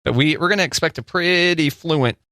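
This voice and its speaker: A man co-hosting a radio show, teasing his partner and answering with quick short replies. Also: on the high side, bright, forceful tone, no echo, clean studio sound. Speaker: radio co-host. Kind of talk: morning radio show chat.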